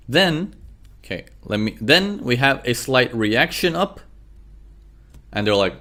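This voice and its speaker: A man's voice: medium pitch, very animated, unhurried, fairly bright tone. A man teaching a trading lesson over a chart, repeating his questions and acting out traders' worries. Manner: repeats questions, acts out traders' inner voices. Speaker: trading instructor. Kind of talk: screen-share trading lesson.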